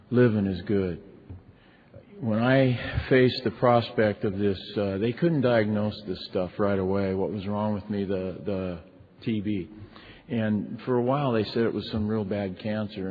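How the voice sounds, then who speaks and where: A middle-aged man speaking candidly at a recovery meeting, telling a personal story in a conversational way with lots of fillers. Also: on the low side. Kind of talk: personal story told from a stage. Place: large convention ballroom. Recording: tinny lo-fi recording with long hall reverb.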